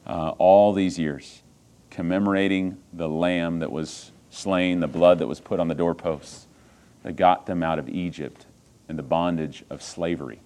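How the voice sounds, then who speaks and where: A pastor with a very low voice delivers a sermon. He drops to a quiet hush, then climbs into loud, emphatic preaching and throws rhetorical questions at his congregation. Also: steady tone, a little slow.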